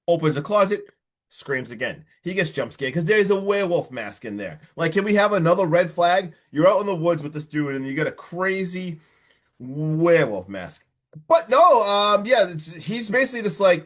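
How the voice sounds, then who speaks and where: A man hosting a podcast, recapping a film in a casual, animated way with lots of filler words. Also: high voice, normal speed. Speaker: podcast host.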